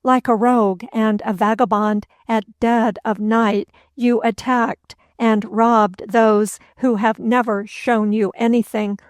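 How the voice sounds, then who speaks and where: A woman's voice: a little high, fairly even intonation, slow, few pauses, clean tone, dry recording. A woman voicing an enraged young French nobleman. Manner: savage, indignant accusations.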